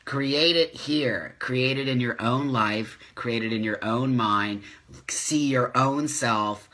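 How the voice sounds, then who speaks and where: A man's voice: mid-range voice, takes it slowly, pushed and bright. A man in his fifties hosting a live stream, speaking with passion, preaching and repeating lines for emphasis, with some swearing. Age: 50s. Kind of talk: live-streamed motivational talk. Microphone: phone or webcam, live stream.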